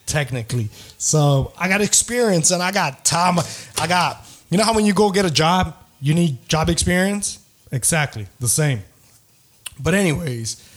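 A man's voice: fairly high pitch, lively intonation, normal speed. A young man hosting a podcast, telling rambling, profane stories in casual slang, often laughing as he goes. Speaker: podcast host. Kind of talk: casual storytelling chat.

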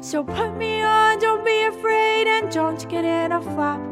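A woman's voice: very high voice, fairly even intonation, unhurried. A woman singing the part of a boastful magic hat in a song. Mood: playful. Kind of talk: sung song clip. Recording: loud music under the voice.

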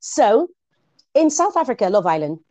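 A woman hosting a casual talk show, animated and quick to laugh, often repeating words as she gets going. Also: a little high. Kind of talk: casual chat.

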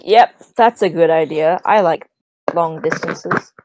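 A woman player in a tabletop game over an online call, joking quickly in casual chat. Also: low-pitched, darkish tone, no room sound. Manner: quick and jokey.

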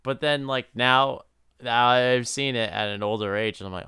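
A man's voice: medium pitch, normal speed, pushed and bright, smooth, no room sound, clean studio sound. A young man co-hosting a podcast, chatting casually, laughing often and stumbling over his words. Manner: laughs often, stammering restarts. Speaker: podcast co-host. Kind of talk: casual chat.

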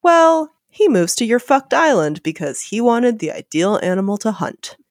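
A woman's voice: fairly high pitch, sing-song, moderate pace, dry recording, clean studio sound. Profane, sardonic woman podcast host. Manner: profane, sardonic, reads story passages aloud. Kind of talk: casual literature podcast chat.

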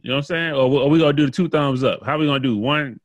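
A man co-hosting a podcast, keeping things moving with relaxed prompts. His voice sits in a middle pitch, and the recording is dry and close, with no room sound at all. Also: rapid-fire, dry recording, dull audio. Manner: easygoing, nudges the talk along. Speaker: podcast co-host. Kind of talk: casual chat.

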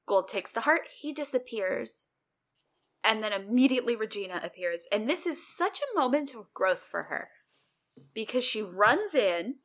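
This is a young woman chatting on a podcast in a bright, sharp voice that swings widely up and down. She is sarcastic and animated, and often slips into quick acted-out quotes. Her tone is casual and playful. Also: on the high side. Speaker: podcast co-host. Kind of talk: casual recap chat.

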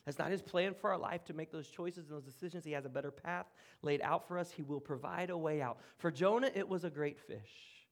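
A man preaching from the front of a church room, his voice pitched a touch high. He speaks earnestly, slowing for pauses and dropping to near-hush on key points. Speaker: pastor. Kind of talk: sermon.

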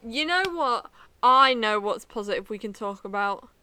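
A young woman co-hosting a podcast, chatting casually in an excitable, laughing way. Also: a little high, moderate pace, slight background noise. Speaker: podcast co-host. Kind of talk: casual chat.

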